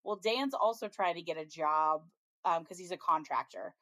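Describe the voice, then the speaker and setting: Chatty woman, low voice, very dry sound. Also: moderate pace, pushed and bright, no echo. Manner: chatty, frequent ums, laughs while retelling scenes. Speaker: podcast co-host. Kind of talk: casual chat, recapping a TV episode.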